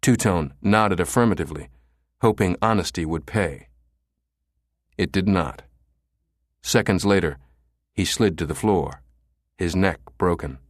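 A man narrating a thriller audiobook in a measured, dramatic way. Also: low voice, no room sound, studio quality.

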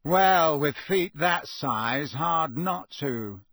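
A man voicing a sneering, mocking teenage boy who drawls his lines slowly. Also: a little high, lively intonation, fairly bright tone, dry recording, studio quality, exaggerated voice. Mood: drawling sneer.

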